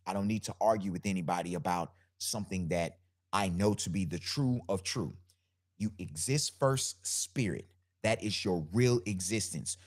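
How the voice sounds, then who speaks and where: A man with a deep bass voice hosting a live solo podcast, talking loosely about energy and spirit and repeating his phrases. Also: a little mellow. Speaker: podcast host.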